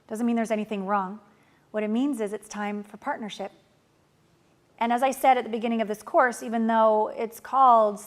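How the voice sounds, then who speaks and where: A woman coach teaching a course lesson, blunt and casual, swinging between emphatic loud pushes and soft, tender passages. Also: mid-range voice. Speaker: relationship and manifestation coach.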